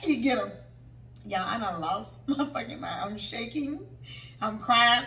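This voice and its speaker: Woman in her 30s telling a wild story on a podcast, bright sharp voice, sounds far from the mic. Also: fairly high pitch, unhurried. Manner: animated, swearing, acts out quotes. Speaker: podcast co-host. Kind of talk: casual chat, storytelling. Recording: echoey room, distant mic, faint noise.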